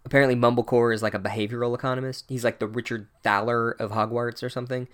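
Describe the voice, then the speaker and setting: A man's voice: mid-range voice, level tone, fast talker. A man giving an irreverent, sarcastic comedic recap of a book, casual and full of asides.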